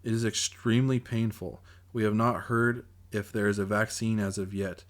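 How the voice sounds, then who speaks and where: A man's voice: fairly low pitch, fairly even intonation, normal speed, natural voice. A man voicing a grave television announcer giving a formal emergency warning, in a self-read audiobook. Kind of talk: audiobook character voice.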